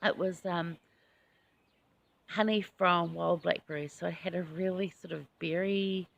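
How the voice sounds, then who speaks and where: A woman's voice: on the low side, steady tone, a little slow, gravelly, lo-fi sound. A woman hosting a casual scripture study chat, talking in a chatty, enthusiastic way with personal asides. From New Zealand. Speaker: host.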